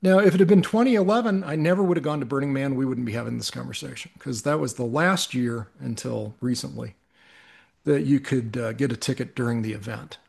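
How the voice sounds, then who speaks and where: Middle-aged male guest, gravelly and mid-pitched, earnest storyteller who often restarts. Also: brisk, a little mellow. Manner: earnest, reflective, with frequent restarts. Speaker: podcast guest. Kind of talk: personal storytelling in conversation.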